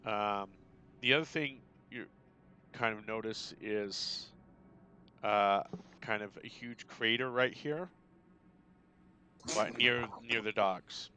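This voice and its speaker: A man's voice: fairly low pitch, slow, pauses often, pushed and bright, a little hiss or hum. A man running a tabletop game as game master, describing the scene with many ums and restarts. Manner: hesitant, many fillers and restarts.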